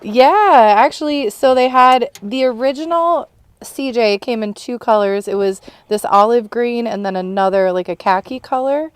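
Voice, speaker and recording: A woman co-hosting a car restoration video, chatting casually, excited and laughing often. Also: a little high, normal speed, clean tone, no room sound. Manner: bubbly and excited, laughs often, rambling explanations. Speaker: co-host and producer of a car restoration channel. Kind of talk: casual on-camera chat.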